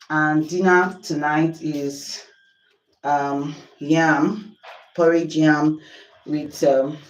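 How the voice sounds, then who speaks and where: A woman's voice: low voice, a little mellow, roomy sound, recorded from a distance, rough recording. A Nigerian woman chatting on a livestream while cooking at home, exasperated and apologetic. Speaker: livestream host. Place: home kitchen.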